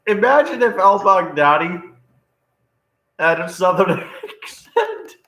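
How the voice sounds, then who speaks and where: A man's voice: high-pitched, sing-song, takes it slowly, bright, forceful tone. A man co-hosting a livestream in casual chat, joking, laughing often and trailing off with fillers. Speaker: livestream co-host. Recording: roomy echo.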